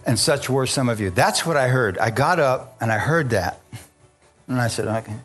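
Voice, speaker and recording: Soft music plays behind this preacher as he shares his conversion testimony in a mid-range voice at normal speed. Telling the story with animation, he calls out to the congregation along the way.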